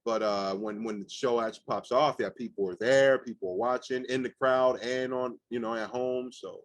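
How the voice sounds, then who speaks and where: A young man, a rapper and guest, telling animated stories casually with lots of fillers and swearing. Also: mid-range voice, moderate pace, no room sound. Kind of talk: casual storytelling interview.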